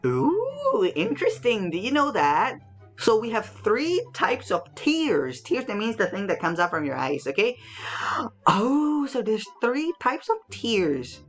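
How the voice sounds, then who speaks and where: Playful Hong Kong teacher talking to kids. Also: female voice, fairly high pitch, sing-song, measured pace, soft background music. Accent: Hong Kong English. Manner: playful, chatty, repeats herself and asks the viewer questions. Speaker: children's English teacher and host. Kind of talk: casual talk to children.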